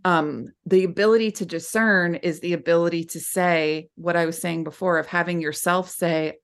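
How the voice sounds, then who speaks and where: A woman's voice: fairly low pitch, fairly even intonation, moderate pace, hardly any pauses. A woman guest on a podcast, speaking candidly in a heartfelt, rambling way with many restarts. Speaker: podcast guest, former client. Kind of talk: candid conversational interview.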